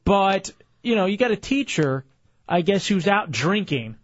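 A man co-hosting a podcast, telling news stories in animated casual chat. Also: sits high, unhurried, dry recording, dull audio. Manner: animated storytelling, reads news bits with commentary. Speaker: podcast co-host.

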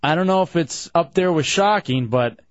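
A man's voice: on the high side, animated, moderate pace, dry recording. A man hosting a radio show with brash, crude, joking banter in a studio. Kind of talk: casual talk-radio banter. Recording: dull lo-fi radio broadcast.

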